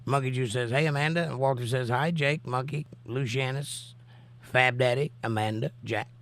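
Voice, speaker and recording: The speaker is a livestream host giving casual live-chat commentary, reading viewer comments aloud as his voice recovers from a cough. His mid-range voice has a fairly bright tone and a moderate pace.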